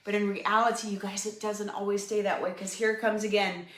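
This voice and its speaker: A woman gives live fitness coaching directly to her viewers, upbeat and encouraging and addressing them as "you guys." Her medium-pitched, fairly bright voice has a flat delivery at a brisk pace, and the room is echoey.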